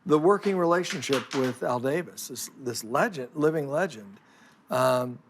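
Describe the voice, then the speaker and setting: Male interviewer with halting, casual questions. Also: medium pitch, animated, a little hiss or hum. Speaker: interviewer, sports columnist. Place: studio.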